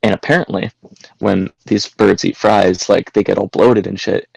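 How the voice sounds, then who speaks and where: A man's voice: fairly low pitch, fairly even intonation, moderate pace, gravelly, breathy edge, no echo, rough recording. A young man, a podcast guest, casually telling prank-call stories and crude jokes. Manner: storytelling, crude jokes, acts out voices. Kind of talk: casual chat.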